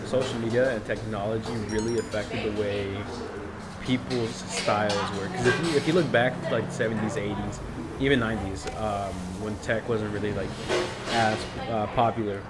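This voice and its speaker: Swearing young man over loud music. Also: on the low side, moderate pace. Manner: laughing, profane, animated storytelling. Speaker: podcast guest. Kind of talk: casual podcast chat.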